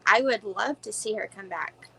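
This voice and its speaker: A woman's voice: medium pitch, moderate pace, creaky, sharp tone, slightly rough, poor audio. A woman guest in a casual watch party chat, talking chattily with lots of "like" and swearing. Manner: chatty, swears, heavy use of "like".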